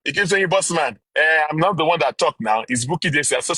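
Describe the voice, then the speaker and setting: A Nigerian man holds forth on a live audio stream, indignant and forceful. His pitch swings widely and his voice has a slightly husky edge. The sound is dry and close. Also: lively intonation, fairly quick, hardly any pauses, no room sound. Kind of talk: heated live chat.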